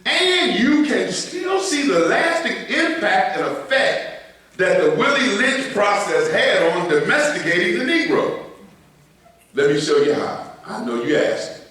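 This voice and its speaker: A middle-aged pastor preaching a sermon, swinging between loud emphasis and quiet asides. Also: male voice, high voice, big pitch swings, unhurried. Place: church sanctuary. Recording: echoey church, voice from a distance.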